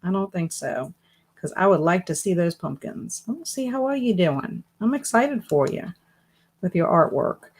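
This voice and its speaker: A woman's voice: lowish voice, sing-song, moderate pace, slightly rough. A woman hosting a casual live stream from her home office, chatting and answering viewer comments as they come in. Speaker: booktube live stream host.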